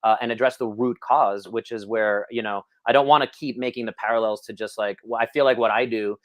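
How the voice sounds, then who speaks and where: A man's voice: fairly low pitch, fairly even intonation, a little fast, no room sound. A man hosting an interview podcast, telling personal stories in a casual, rambling way with many fillers. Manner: storytelling, self-deprecating, many fillers. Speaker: podcast host.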